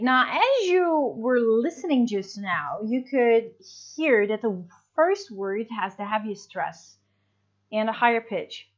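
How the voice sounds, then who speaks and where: A woman's voice: on the high side, expressive, normal speed. Woman, English teacher, patient explanation, frequent check-ins, dull lo-fi audio. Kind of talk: recorded classroom lesson.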